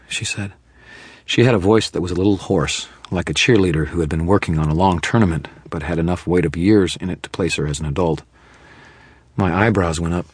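A man reading a first-person audiobook narration in a wry, deadpan manner. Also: low voice, fairly quick, slightly rough, no room sound.

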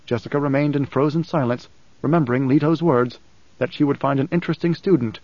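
A man reading a novel aloud in steady, even audiobook narration on a close mic. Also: mid-range voice, fast talker, no echo. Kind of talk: scripted narration. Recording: slightly dull dry studio recording.

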